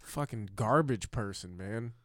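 A man's voice: lowish voice, lively intonation, unhurried, fairly bright tone, dry recording, clean studio sound. A man from Chicago, a comedian co-hosting a podcast, riffing crudely and laughing with friends. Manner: profane, riffing, laughs often. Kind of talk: crude banter between friends.

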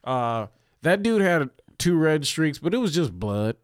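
Dude telling a crazy story, laughing, dry mic, voice jumps all over. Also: male voice, on the high side, very animated, unhurried, no echo. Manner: loose, profane, laughing storyteller. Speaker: co-host comedian. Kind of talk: casual comedic chat.

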